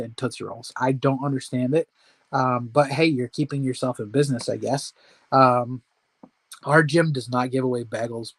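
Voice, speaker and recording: A man's voice: medium pitch, dry recording. A man hosting a casual weight-loss support chat from home, talking in a rambling, self-deprecating way with laughs.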